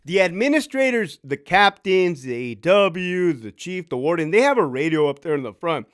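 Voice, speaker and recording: On a casual live stream, a man in his fifties who used to work as a prison officer tells profane stories, laughing a lot. His voice is high-pitched and moves at a moderate pace, and he's an animated storyteller.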